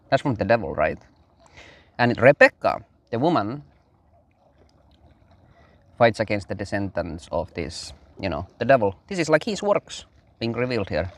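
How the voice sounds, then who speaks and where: A man reading a Bible passage aloud and breaking off into casual commentary with fillers and restarts. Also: lowish voice. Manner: reads aloud, breaks off into loose asides with fillers. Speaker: Bible study host.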